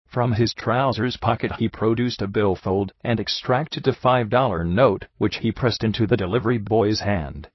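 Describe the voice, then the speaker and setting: A man reading a story aloud in measured scripted narration, on a dull, dry, lo-fi recording. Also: mid-range voice, husky, dry recording. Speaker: audiobook reader.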